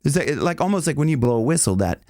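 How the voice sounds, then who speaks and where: Animated male vocal coach, dry sound. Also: on the high side, quick pace, no room sound. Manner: enthusiastic, rambling, with many restarts and sung demonstrations. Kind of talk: casual singing lesson.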